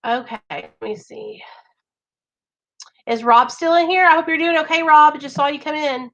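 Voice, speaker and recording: A woman's voice: sits high, quick pace, fairly bright tone, muffled recording. A woman hosting a recovery live stream, talking straight to her viewers in an earnest, reassuring way. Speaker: recovery livestream host.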